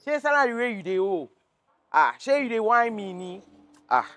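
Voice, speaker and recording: A man's voice: high-pitched, very animated, moderate pace, pushed and bright, full character voice. An actor with a Nigerian Pidgin accent playing a cheeky male security guard who jokes while chasing unpaid wages. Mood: wheedling. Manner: wheedling, joking.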